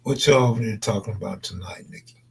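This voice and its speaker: A man's voice: fairly low pitch, fast, gravelly, a little mellow, a little hiss or hum. A man chatting loosely on a late-night live stream, answering viewers in slangy, laid-back talk that trails into mumbles.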